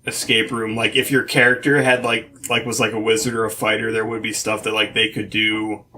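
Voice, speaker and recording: A man's voice: lowish voice, little pitch movement, fairly quick, sharp tone, slight background noise. A man co-hosting a podcast in casual chat, rambling and hedging as he thinks aloud, with many restarts. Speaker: podcast co-host.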